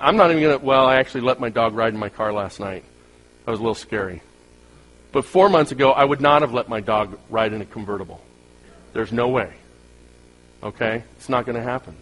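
A man's voice: medium pitch, a bit bright, low-quality recording. Conversational man preaching a sermon. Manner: conversational preaching with humorous asides and rhetorical questions. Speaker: pastor.

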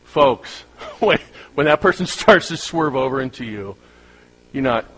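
A man's voice: medium pitch, expressive, a little slow, pauses often, fairly bright tone, slightly rough, poor audio. A man preaching a sermon to a congregation in a conversational way, with humorous asides and rhetorical questions to the crowd. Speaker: pastor.

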